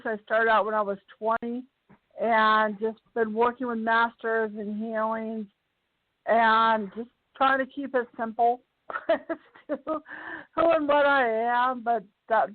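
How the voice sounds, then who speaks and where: A woman's voice: on the high side, dry recording. Woman in her 60s phoning into a show, plain and easy, tinny line, dry sound. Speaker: guest, spiritual healer. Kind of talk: casual call-in chat.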